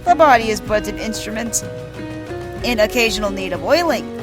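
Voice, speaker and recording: Pompous male gentleman adventurer, read by a woman, melodramatic, fairly high, game music underneath. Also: animated, moderate pace, natural voice. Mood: grand. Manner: grandiose, melodramatic, overblown delivery.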